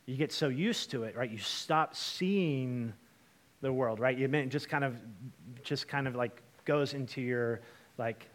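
A young man from Washington state preaching a storytelling sermon, chatty and lively, with lots of fillers and asides to the congregation. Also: medium pitch, unhurried. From Washington state, USA. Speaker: pastor.

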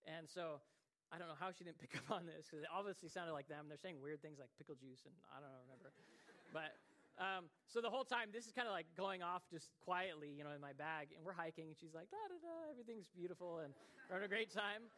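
A man's voice: on the high side, fast talker, pushed and bright. A man in his thirties preaching, telling a personal story in a loose, chatty way full of fillers. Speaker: pastor.

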